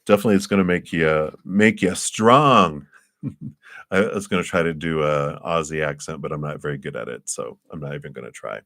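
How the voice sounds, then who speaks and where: A man's voice: extremely low pitch, brisk, fairly bright tone, no room sound, studio quality. A man giving a live tarot reading, speaking in an encouraging, rambling way, often chuckling and restarting his sentences. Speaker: tarot reader.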